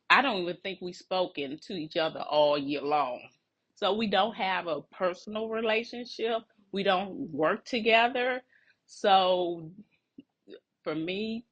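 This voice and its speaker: A woman telling a workplace story in a casual, animated and indignant way, laughing between phrases. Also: mid-range voice, dull audio.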